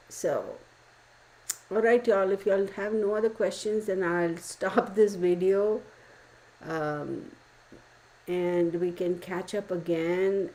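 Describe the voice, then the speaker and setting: A middle-aged woman chatting casually with her live-stream viewers, animated and gossipy, full of exclamations. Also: mid-range voice. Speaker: tarot reader answering live chat.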